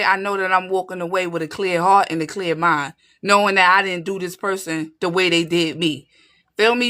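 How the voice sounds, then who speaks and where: Woman tarot reader, bright tone, emphatic and streetwise, casual direct-to-viewer reading. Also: medium pitch. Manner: emphatic and streetwise, keeps checking in with listeners.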